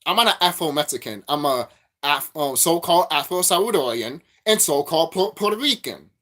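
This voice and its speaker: A man delivers a preachy spiritual monologue to his vlog audience, full of profanity and repeated phrases. His pitch swings widely as he drives each point home, with no calm, even stretches. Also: brisk. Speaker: vlogger.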